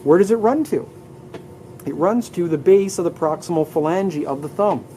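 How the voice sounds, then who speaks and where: An upbeat male anatomy instructor lecturing to a live class, leading students through the terms and getting them to say each one aloud. His voice sits a little high yet sounds mellow and relaxed. Faint classroom noise hums behind him. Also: normal speed, low-quality recording.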